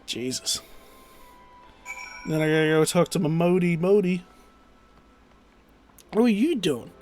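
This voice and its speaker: A young man with a high-pitched voice chats loosely as he plays, swearing freely and breaking into game dialogue. Faint music plays under his voice. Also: animated, measured pace, a little mellow. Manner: casual, swearing, laughing, reads game dialogue aloud. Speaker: gaming streamer. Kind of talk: casual game commentary and dialogue reading.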